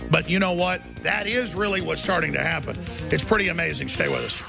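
A man's voice: a little high, brisk, vocal fry, over loud music. A middle-aged man hosting heated political talk radio, mocking his opponents and breaking into shrieking impressions.

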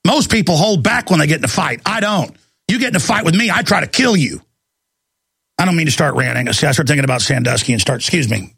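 A man's voice: on the high side, gravelly, fairly bright tone, breathy edge, no room sound. A man hosting a call-in talk show, delivering an angry, intense ranting monologue. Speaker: talk show host taking calls.

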